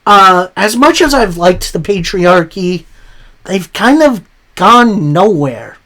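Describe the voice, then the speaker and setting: A man hosting a casual wrestling recap. He speaks at an unhurried pace and retells the show's promos in his own words. He reacts openly with surprise. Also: high-pitched, animated, sharp tone. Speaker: wrestling show recap host.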